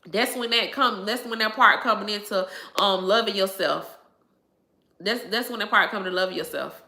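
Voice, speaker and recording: A woman's voice: mid-range voice, moderate pace, gravelly, pushed and bright, roomy sound. A woman hosting a casual livestream, talking emphatically, repeating herself and laughing often. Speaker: livestream host answering viewers.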